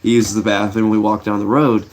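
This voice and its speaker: A middle-aged man with a slightly low voice talks to his live chat in a loose, rambling way. He tells stories with plenty of fillers and restarts. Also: level tone, quick pace. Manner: laid-back, rambling, many fillers and restarts. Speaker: livestream host. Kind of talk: casual storytelling to a live chat.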